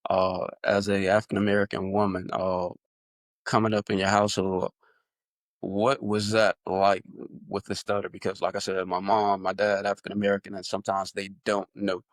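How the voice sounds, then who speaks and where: A man's voice: low voice, little pitch movement, moderate pace, dry recording. A man hosting a podcast interview, asking loose conversational questions with many fillers. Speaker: podcast host.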